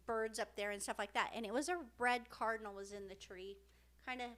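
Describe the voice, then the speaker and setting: Emotional middle-aged woman, halting podcast talk. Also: on the high side, steady tone, fairly bright tone. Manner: emotional, halting, many fillers and restarts. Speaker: podcast co-host. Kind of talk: heartfelt casual podcast chat.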